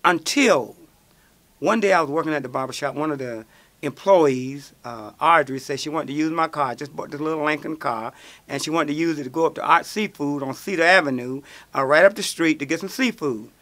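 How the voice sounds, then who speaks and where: Man, radio host, lively storyteller, bright voice, higher pitch. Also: fairly quick. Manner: animated storyteller, acts out quoted voices. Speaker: radio show host answering listener questions. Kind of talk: storytelling call-in answers.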